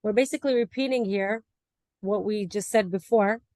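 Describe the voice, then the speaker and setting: Woman, class presentation, video call, explanatory, laughs often, dry close sound, mid pitch. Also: normal speed, darkish tone, no echo. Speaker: student presenter.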